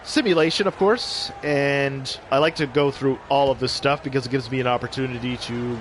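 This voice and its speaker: A man's voice: medium pitch, moderate pace, noisy background. A man hosting a gameplay video, chatting to viewers in a rambling way and doing mock play-by-play as he plays. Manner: rambling and chatty, talking to viewers while playing. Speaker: gaming video host. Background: faint game audio and music.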